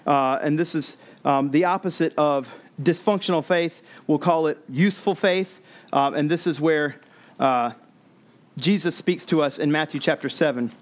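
A man preaching an expository sermon, earnest, repeating words and restarting as he explains. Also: fairly high pitch.

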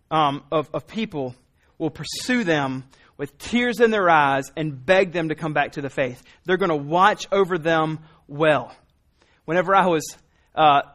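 A man's voice: on the high side, fairly bright tone. A man in his thirties preaching a sermon, telling a family story in a loose, conversational way with frequent restarts. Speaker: pastor.

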